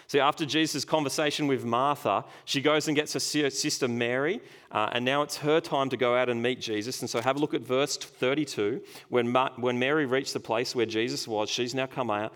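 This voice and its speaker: A man's voice: on the low side, fairly bright tone. Earnest male preacher delivering a sermon. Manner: earnest, emphatic, with slow stressed phrases.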